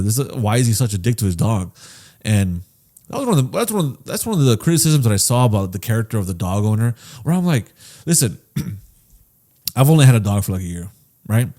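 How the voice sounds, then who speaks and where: A man co-hosting a podcast in casual chat, swearing freely and acting out the voices of the people he quotes. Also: lowish voice. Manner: animated, profane, acts out quoted voices. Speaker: podcast co-host.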